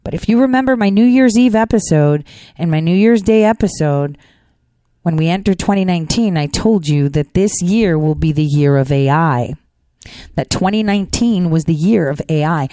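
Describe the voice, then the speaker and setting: A woman hosting a political commentary show, talking fast in a chatty, rambling monologue full of fillers. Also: lowish voice, mellow, no echo. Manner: talks fast. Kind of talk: casual monologue.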